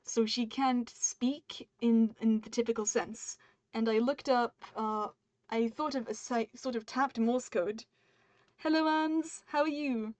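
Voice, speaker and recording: A woman streaming live, chatting casually and reading chat aloud, with a quick, laughing manner. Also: on the high side, steady tone, darkish tone, dry recording.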